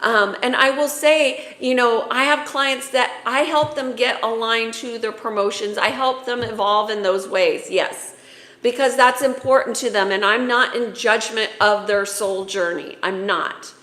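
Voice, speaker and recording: A woman's voice: fairly high pitch, steady tone, a little slow, a bit bright, roomy sound. A woman spiritual coach giving a heartfelt, emotional talk about the soul, tearful at times.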